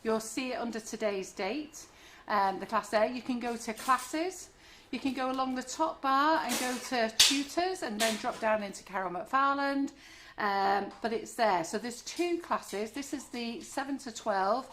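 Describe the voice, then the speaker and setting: This is a friendly, chatty middle-aged woman decorating a cake live for an online class, talking the whole time she works in her home kitchen. Her pitch is on the high side and her pace measured, with background noise present.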